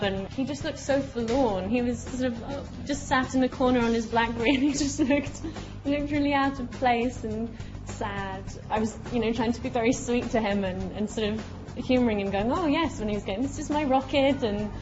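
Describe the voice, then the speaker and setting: A woman's voice: fairly high pitch, steady tone, fairly quick. A woman with a British accent telling an anecdote in an amused interview. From Britain. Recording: dull audio over music.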